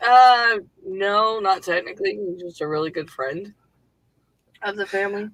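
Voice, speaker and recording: A woman's voice: mid-range voice, normal speed, dry recording, poor audio. A woman hosting a casual livestream from her home computer on a headset, rambling loosely with lots of fillers and the odd swear word. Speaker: livestream host and writer.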